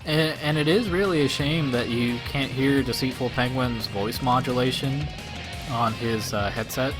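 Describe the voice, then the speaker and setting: A man's voice: mid-range voice, moderate pace, over music. A man casually commentating a video game with a friend, offhand and crude in his jokes. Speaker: let's play commentator.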